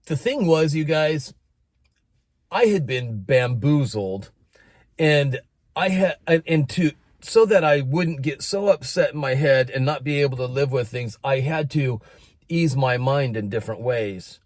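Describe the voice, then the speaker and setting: Middle-aged american guy rambling through a story, lots of pitch swings, dry close sound. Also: a little slow, dry recording. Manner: animated, breaks into announcer-style shouting when quoting. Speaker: vlogger telling a story. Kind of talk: casual storytelling monologue.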